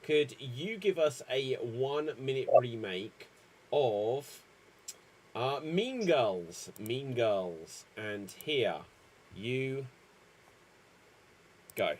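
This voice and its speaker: A man hosting a comedy improv show, announcing rounds in a dry, unhurried way. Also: mid-range voice, animated, a little mellow.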